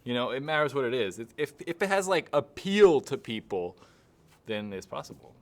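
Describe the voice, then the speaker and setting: A man's voice: medium pitch, lively intonation, moderate pace. A young man hosting a live stream and answering chat questions casually, rambling and hesitant, with many fillers.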